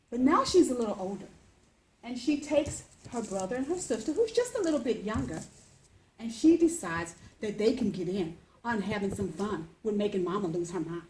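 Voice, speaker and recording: A woman in her fifties telling a personal story as a speech, lively and acting out the voices. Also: roomy sound, a little hiss or hum, rough recording. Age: 50s. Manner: animated, acts out voices with big pitch jumps.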